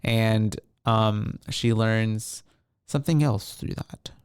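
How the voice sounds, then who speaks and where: Smooth-voiced man recapping a film casually. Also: lowish voice, slow pace, no echo, clean studio sound. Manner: relaxed, rambling, many fillers. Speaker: podcast co-host.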